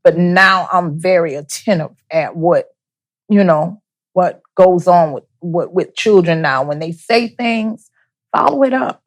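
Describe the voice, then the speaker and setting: A woman speaking as an interview guest, giving personal testimony as a bereaved mother, soft-spoken and halting, often repeating her words. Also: lowish voice.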